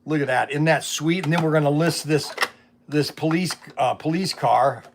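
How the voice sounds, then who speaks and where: A man's voice: a little high, moderate pace, vocal fry, noisy background. A middle-aged man who owns a toy shop, telling rambling stories in a casual vlog, repeating words and acting out his phone calls.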